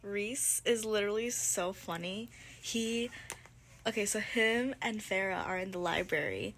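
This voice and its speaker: A young woman recapping a book she is reading, gushing and excitable and peppering her talk with "like". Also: mid-range voice, normal speed, slight background noise. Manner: gushing, excitable, heavy use of "like". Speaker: book vlogger. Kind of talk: casual chat recapping a book.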